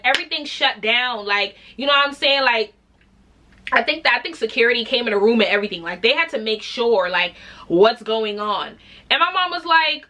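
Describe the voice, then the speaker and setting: A young woman telling a story in a casual vlog, animated and candid, swearing freely and acting out other people's voices. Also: on the high side. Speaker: vlogger.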